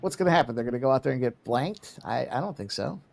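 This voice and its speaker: A man hosting a live sports betting show, talking fast and animated about football, soccer and fights. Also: medium pitch, vocal fry. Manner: animated, quick sports talk. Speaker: host. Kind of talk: casual sports betting chat.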